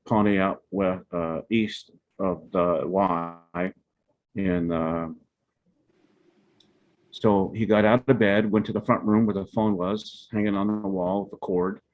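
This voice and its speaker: An older man, a family elder, telling meandering personal stories to his relatives. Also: low-pitched. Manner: rambling, meandering anecdotes. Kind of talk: storytelling to family. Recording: dull lo-fi sound.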